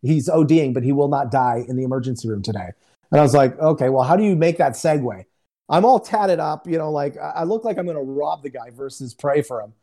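A man, a guest minister on a video call, telling a testimony in a lively, joking way and acting out the quotes. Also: fairly high pitch, fast. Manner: animated, joking, acts out quotes. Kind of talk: casual storytelling testimony. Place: home in Houston. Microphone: remote video call.

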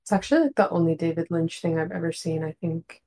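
A woman's voice: deep voice, steady tone, fast talker, dark tone, slight background noise. A woman in her twenties co-hosting a podcast in casual chat, giggly and wry. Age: 20s. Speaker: podcast co-host.

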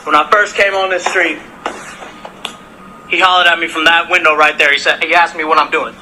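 A man's voice: on the high side, steady tone, brisk, pushed and bright, a little hiss or hum, low-quality recording. A man in a heated, profane confrontation outdoors on a residential street, filming on his phone. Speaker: delivery worker.

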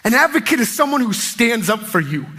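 A man preaching a sermon as pastor, energetic and emphatic, with sudden loud peaks. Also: very high-pitched, fairly quick.

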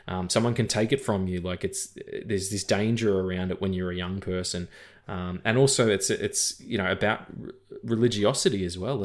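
A man in his thirties co-hosting a casual film podcast, rambling with many fillers and swearing. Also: low voice. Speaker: podcast co-host.

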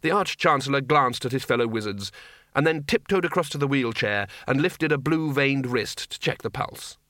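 A man narrating a comic fantasy novel for an audiobook, with a wry, dry delivery. His voice is animated and bright, recorded close in a dead, dry booth. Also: medium pitch, moderate pace, no echo. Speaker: audiobook reader.

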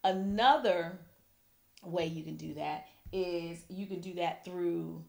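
A woman's voice: on the low side, takes it slowly, gravelly, a little mellow. A young adult woman hosting a casual real estate podcast, chatty and teasing. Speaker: podcast host. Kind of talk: casual chat.

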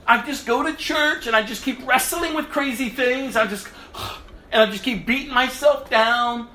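A man giving an emotional sermon testimony, moving from hushed quotes to loud outbursts. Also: very high voice, measured pace, roomy sound, a little hiss or hum. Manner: emotional, swings between hushed quoting and loud exclamation.

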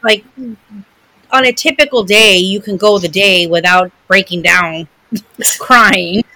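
A woman's voice: mid-range voice, slow, bright, forceful tone, dry recording, low-quality recording. A woman in her forties, co-hosting a podcast and telling an emotional personal story in casual chat, full of fillers and restarts. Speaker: podcast co-host.

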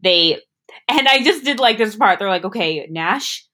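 A woman co-hosting a casual movie discussion, animated and jumping up in pitch when she acts out scenes. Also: normal speed. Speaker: podcast co-host.

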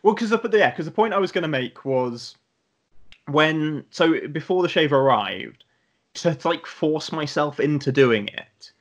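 A man's voice: fairly high pitch, lively intonation, a little slow. A young man from Britain in casual podcast chat, rambling and drifting off on tangents. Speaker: podcast co-host.

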